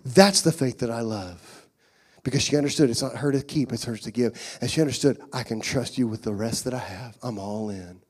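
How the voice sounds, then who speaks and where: A middle-aged male pastor preaching a sermon in a church, moving from quiet, intimate passages to loud, fervent shouting. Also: medium pitch, brisk, breathy edge. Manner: swings from hushed to shouting with rising fervor. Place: church sanctuary.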